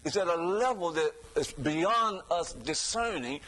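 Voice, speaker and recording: A man's voice: fairly high pitch, lively intonation, unhurried, fairly bright tone, poor audio. A man preaching a sermon in a loose, conversational way, often stopping to ask "you see?" and chuckling between points. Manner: chuckles between points, acts out quoted voices.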